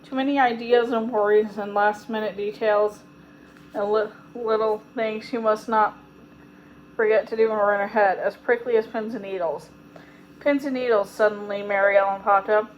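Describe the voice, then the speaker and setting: A woman reading a children's chapter book aloud in a gentle, steady storytelling manner. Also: on the high side, a little hiss or hum, rough recording. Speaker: storybook reader.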